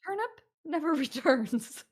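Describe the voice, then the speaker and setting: A woman's voice: high voice, very animated, a little slow. A woman narrating as dungeon master in a tabletop game, chatty and full of fillers. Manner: chatty, laughing, many fillers.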